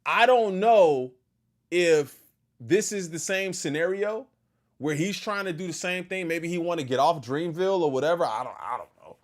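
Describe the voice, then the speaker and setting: A man's voice: fairly high pitch, normal speed. Exasperated man reacting on stream. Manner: exasperated, questioning, repeats himself. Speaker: host reacting to a video. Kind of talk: casual reaction commentary.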